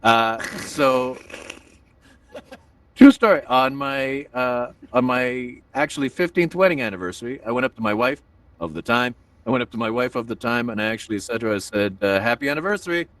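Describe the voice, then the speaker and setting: A man's voice: medium pitch, normal speed, fairly bright tone, no echo, recorded from a distance. A man hosting a stand-up comedy show in a virtual reality room, rambling and self-deprecating, with many filler asides.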